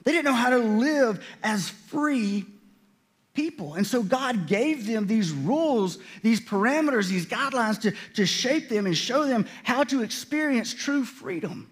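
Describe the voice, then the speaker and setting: A very high, husky male voice, animated yet a little slow. He is a pastor giving a chatty sermon, frequently restarting what he says and acting out quotes from God and from people.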